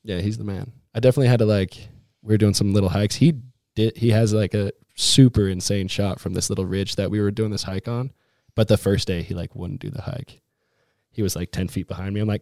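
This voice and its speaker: Guest, young male snowboarder. Slangy, easygoing storyteller, lowish voice, dry close mic. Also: fairly even intonation, fast talker, dark tone, no echo. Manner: laid-back, slangy storytelling with many fillers. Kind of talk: casual podcast chat.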